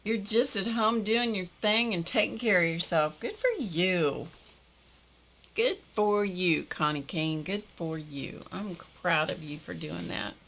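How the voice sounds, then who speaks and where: Greeting her viewers by name, an older livestream host reads comments in a relaxed chat and laughs frequently. Her fairly low voice has a fairly bright tone and a slightly slow delivery.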